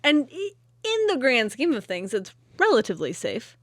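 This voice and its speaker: A woman's voice: fairly high pitch, huge pitch swings, normal speed, no echo, studio quality. A woman co-hosting a podcast, chatty and opinionated, often saying "like". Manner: chatty, opinionated, uses filler "like". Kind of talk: casual podcast chat.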